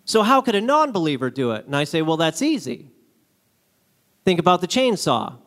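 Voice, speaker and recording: Male guest preacher, high voice, animated storyteller who acts out characters. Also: normal speed. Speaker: guest speaker. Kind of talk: sermon with acted-out stories.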